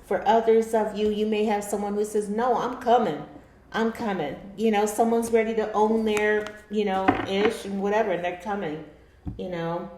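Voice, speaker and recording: A woman's voice: mid-range voice, flat delivery, moderate pace, mellow, slight background noise. A woman giving a chatty tarot reading to her viewers, calling them her darlings. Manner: chatty, laughs often, addresses viewers as darlings. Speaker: tarot reader. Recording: echoey room.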